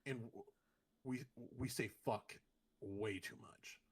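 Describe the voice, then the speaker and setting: A man's voice: on the low side, steady tone, slow, slightly rough. A man with a Southern Californian accent co-hosting a podcast, laid-back with short joking replies. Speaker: podcast host. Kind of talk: casual chat.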